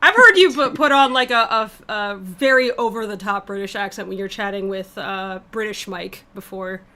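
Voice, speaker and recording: A woman's voice: mid-range voice, moderate pace, sharp tone. A woman chatting casually on a panel, teasing others and explaining things to the chat. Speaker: voice actor panelist.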